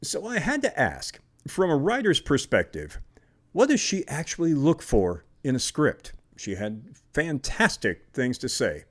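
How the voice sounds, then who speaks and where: A man's voice: mid-range voice, wildly swooping pitch, unhurried. A man from Indiana hosting a podcast, introducing clips and reading a sponsor spot in a chatty, self-deprecating way. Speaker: podcast host.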